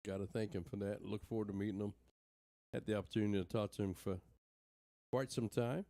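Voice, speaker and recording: A man doing relaxed, casual commentary on a darts stream, laughing easily. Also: fairly low pitch, fairly quick, no echo.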